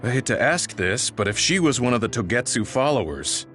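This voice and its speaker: An actor playing a serious, composed man who speaks in a grave, measured way in a game cutscene. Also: medium pitch, lively intonation, fairly bright tone, faint music behind, close to an everyday voice.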